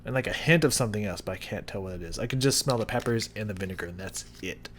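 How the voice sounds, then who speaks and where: A man vlogging a hot sauce tasting to his viewers, talking casually and haltingly as he describes the burn. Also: fairly low pitch, a little hiss or hum. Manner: talks through the burn, halting and drawn out. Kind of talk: casual chat to camera. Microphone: new studio mic.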